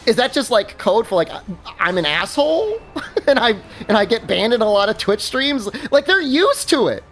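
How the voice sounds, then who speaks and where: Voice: medium pitch, expressive, normal speed, fairly bright tone, a little hiss or hum. A game streamer chatting casually while playing, rambling with many fillers and restarts and laughing at their own stories. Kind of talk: casual livestream chat while gaming.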